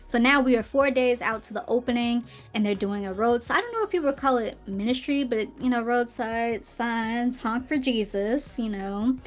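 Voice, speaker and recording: A chatty woman hosting a podcast, walking through a film plot with casual asides and fillers. Her voice sits a bit high, and faint music plays behind her. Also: normal speed, few pauses. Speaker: podcast host. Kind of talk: casual film recap commentary. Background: faint intro music.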